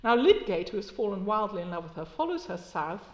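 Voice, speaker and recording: A woman's voice: medium pitch, sing-song, fairly quick, highs cut off. Wry woman lecturing in an echoey hall. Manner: wry, conversational, with fillers. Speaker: keynote speaker. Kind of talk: academic lecture.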